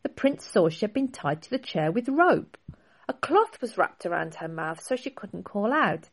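A woman author reading her own children's book aloud in a clear, expressive storybook style. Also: medium pitch, moderate pace.

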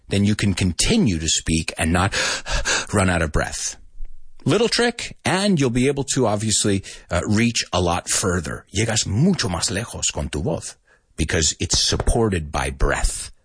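Animated, husky-voiced male teacher. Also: on the low side, normal speed, no echo, clean studio sound. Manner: animated, explains with demonstrations. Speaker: host and English teacher. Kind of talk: teaching podcast talk.

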